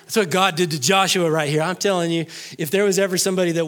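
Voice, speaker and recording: A man's voice: high-pitched, fairly quick, fairly bright tone. A man preaching a sermon, reading scripture aloud and joking, acting out the characters' voices.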